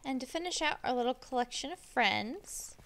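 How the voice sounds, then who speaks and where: High, lively woman cooing over game animals. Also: moderate pace. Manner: gushing, coos softly at in-game animals. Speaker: Minecraft builder. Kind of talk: casual gameplay commentary.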